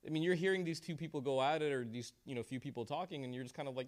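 Guy running a class discussion, jokey and encouraging, mid pitched voice. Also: very fast, hardly any pauses. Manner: joking, encouraging, uses Islamic phrases. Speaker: teacher leading a class.

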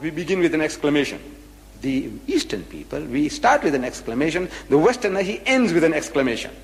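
A man's voice: on the high side, sing-song, a little fast, gravelly, in a large hall. A man giving a public religious lecture, emphatic, firing rhetorical questions and repeating his points.

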